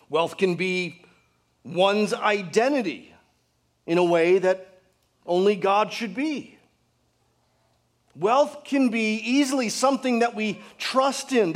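In a very high voice, a pastor earnestly preaches to his congregation, asking rhetorical questions and going quiet for emphasis.

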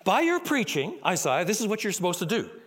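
A preacher voicing a stern, commanding God. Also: male voice, high-pitched, wildly swooping pitch, brisk, breathy edge, pitched above the performer's own voice, heavily acted. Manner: declaiming, forceful, stern. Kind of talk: sermon with acted-out scripture.

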